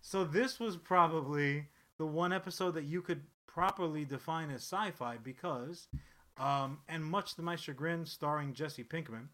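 A man's voice: a little high, moderate pace, bright, forceful tone. A man co-hosting a podcast, chatting casually in a rambling, profane style with frequent restarts. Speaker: podcast co-host. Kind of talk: casual chat.

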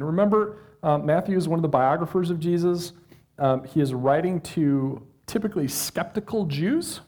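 A man delivers a sermon, reading scripture aloud and then unpacking it for a live audience. His voice sits a little high for a man. He talks in a loose, conversational way, tossing questions to the listeners. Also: darkish tone. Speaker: pastor.

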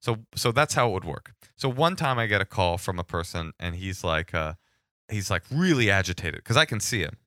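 A man with a lowish, bright, forward voice telling stories in casual chat. He acts out callers and bursts into shouted lines before dropping back to easy talk. Dry, close sound. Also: very animated, a little fast, dry recording. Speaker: guest storyteller.

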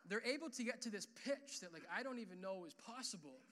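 Preaching fast to his congregation, a young pastor keeps his sermon loose and animated, often filling gaps with "like" and "uh." His voice is high for a man, very bright and forceful, and on key points it grows louder and higher.

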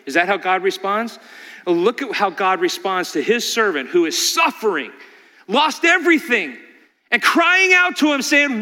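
A man's voice: sits high, lively intonation, normal speed, bright, forceful tone. A man preaching a dramatic sermon, asking the congregation rhetorical questions. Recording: long hall reverb.

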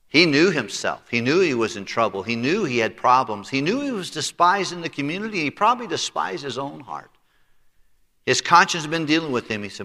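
Preaching pastor with a bright voice. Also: male voice, medium pitch, very animated, brisk. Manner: preaching with voiced characters and congregational read-alongs. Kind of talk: sermon. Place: church sanctuary. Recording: reverberant church sanctuary.

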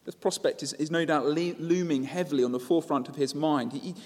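Preacher in an echoey hall. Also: male voice, fairly high pitch, fast. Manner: storytelling, with rhetorical questions. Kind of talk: sermon.

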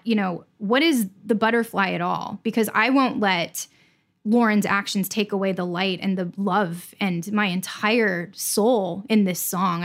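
A woman speaking as a podcast guest, earnest and intense, often rushing her words in bursts. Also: medium pitch. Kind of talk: candid podcast conversation.

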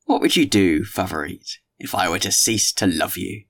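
A man's voice: low voice, lively intonation, normal speed, fairly bright tone. A man voicing a conceited young man in an audiobook reading. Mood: teasing.

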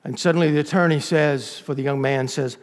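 A man preaching with a high, ringing voice, acting out a courtroom story with fervor. His voice carries the long reverb of a large hall. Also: fairly even intonation, fairly quick. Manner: dramatic, acting out characters with rising intensity. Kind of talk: sermon storytelling.

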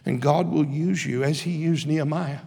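A man's voice: a little high, moderate pace, vocal fry, darkish tone, slightly rough. A man preaching a sermon in an impassioned, emphatic way, recorded in a large chapel. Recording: reverberant hall.

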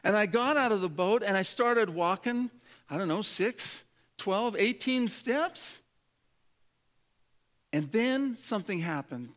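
High and fairly bright, this man's voice carries a sermon delivered to a congregation. The pastor's tone is humorous and conversational, and he performs the voices of the people in his tale.

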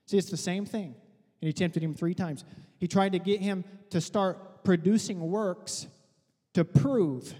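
High-voiced pastor preaching animatedly. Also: male voice, measured pace, long reverb tail. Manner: animated, conversational, teasing asides. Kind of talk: sermon.

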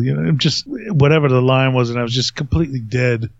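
Speaking a little fast in a mid-range voice, a middle-aged man hosting a podcast rambles casually through a story that pokes fun at himself, laughing as he goes. The sound is lo-fi with no echo.

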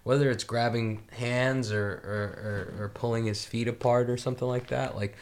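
A man's voice: medium pitch, steady tone, moderate pace. A man in casual chat giving grappling advice with lots of filler words, and joking at times. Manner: filler-heavy, coaching tone, jokey.

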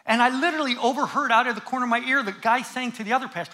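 A middle-aged man preaching a sermon in church as a guest pastor, lively and joking, then hushed and slow in prayer. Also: extremely high pitch. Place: church in front of a congregation.

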